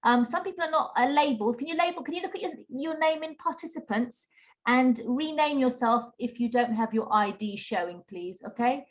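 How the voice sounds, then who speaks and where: Patient woman teaching online. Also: high-pitched. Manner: patient, encouraging, modelling sounds slowly for repetition. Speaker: Qur'an recitation teacher. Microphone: video call.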